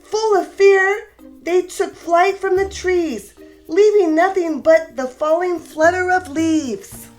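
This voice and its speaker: A woman hosting a children's reading show and reading a rhyming story aloud with warm, expressive delivery. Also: very high voice, takes it slowly, soft background music. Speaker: children's story reader, host. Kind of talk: read-aloud storytelling for kids.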